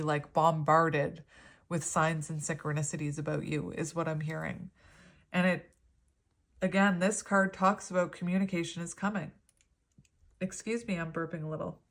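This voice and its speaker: Woman, 30s, tarot reader. Gentle, meandering, slightly low voice. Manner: gentle, rambling, spiritual. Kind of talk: pick-a-card tarot reading.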